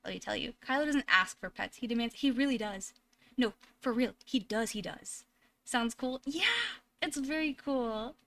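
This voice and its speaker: A woman's voice: fairly high pitch, moderate pace, vocal fry, a bit bright. A woman live streamer from home, chatting casually with viewers in a chatty way full of fillers and restarts.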